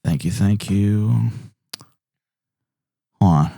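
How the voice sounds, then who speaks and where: Jokey low-voiced male podcast co-host. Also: extremely slow, creaky, breathy edge, dry recording, studio quality. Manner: jokey, animated, with many restarts. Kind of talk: casual chat, reading listener comments.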